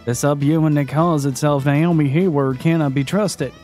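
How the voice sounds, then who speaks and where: A man voicing a cocky male rival journalist in a video game, boastful and taunting, reading the lines a little higher than his own voice. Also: steady tone, moderate pace, warm tone, faint music behind, close to an everyday voice.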